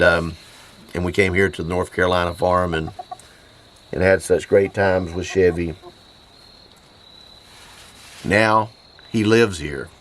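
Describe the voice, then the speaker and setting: A grieving man hosting his homestead channel, choked up, with a hoarse voice and halting speech full of pauses and repeats. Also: a bit bright, a little hiss or hum. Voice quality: hoarse, voice lower than usual. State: choked up from grief. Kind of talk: grieving personal vlog. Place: farm in the Appalachian mountains, outdoors.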